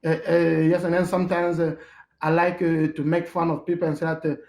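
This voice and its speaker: Halting Cameroonian man, echoey room. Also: a little high, little pitch movement, creaky, darkish tone. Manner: halting, many "uh" fillers and restarts. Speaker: podcast guest, hotel manager. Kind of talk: casual interview conversation.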